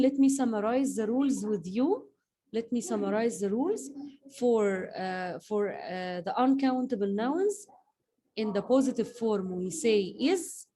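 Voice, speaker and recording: Slow, mellow woman teacher. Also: medium pitch, low-quality recording. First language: Arabic. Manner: slow, repeats words and drills pronunciation. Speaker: English teacher. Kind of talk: online class teaching.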